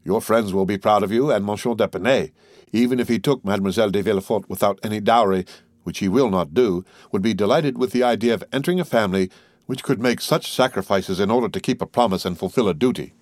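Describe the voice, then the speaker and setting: A man's voice: fairly low pitch, quick pace, no room sound, lightly acted. A man doing a suave, composed count. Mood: courteous. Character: urbane, composed middle-aged count, quietly commanding.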